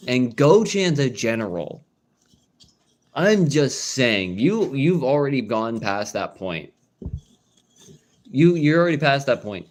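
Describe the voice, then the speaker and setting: A man streaming a casual chat from home, rambling with fillers and restarts and swearing now and then. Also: medium pitch. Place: at home indoors.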